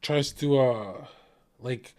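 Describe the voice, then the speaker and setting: A male streamer at a middle pitch, talking straight into his mic. He argues with his chat, swears freely and laughs between jabs in a loose, combative rant. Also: very slow, darkish tone. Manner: profane, combative, laughs often. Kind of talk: casual livestream rant.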